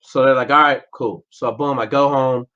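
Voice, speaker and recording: A steady, mid-range voice at a moderate pace tells the story: a former Navy SEAL guesting on a podcast, blunt and profane, acting out the conversations. The casual interview was recorded in lo-fi audio that's a little dull.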